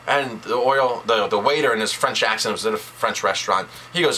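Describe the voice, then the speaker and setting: A man's voice: medium pitch, expressive, fast, hardly any pauses, pushed and bright, slight background noise, poor audio. A man, a chef, speaking straight to camera in an indignant, emphatic vlog rant, repeating words for stress.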